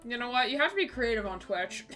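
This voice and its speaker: A woman's voice: fairly high pitch, big pitch swings, music in the background. A woman streaming a game live, chatting casually with her viewers and often laughing. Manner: giggly, chatty, quick asides to chat. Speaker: Twitch streamer playing a game with a voice partner.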